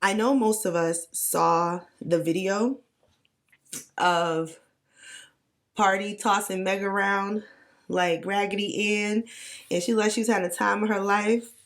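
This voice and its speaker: Hoarse, raspy young woman chatting. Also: medium pitch, unhurried, long pauses. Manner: playful, animated, breaks into mock quotes. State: hoarse, raspy from losing her voice. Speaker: podcast host. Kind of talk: casual solo podcast chat.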